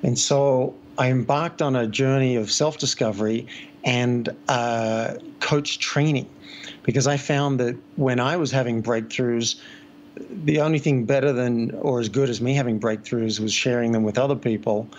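A man's voice: mid-range voice, steady tone, normal speed, muffled recording, slight background noise. A man from Australia whose accent is blended with American, a coach talking through his story easily as a podcast guest. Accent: Australian mixed with American. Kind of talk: conversational podcast interview.

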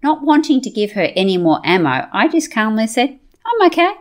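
A woman's voice: mid-range voice, sing-song, brisk. A woman hosting a podcast, giving an encouraging motivational monologue full of rhetorical questions and personal stories. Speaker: podcast host.

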